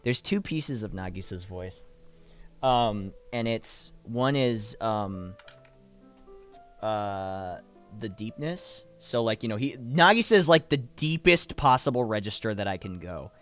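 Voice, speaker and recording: Chatty man with lively pitch. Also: faint music behind. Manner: chatty, animated, laughs easily, swears casually; demonstrates voices with quick shifts. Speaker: voice actor and streamer. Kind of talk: casual livestream chat answering viewer questions.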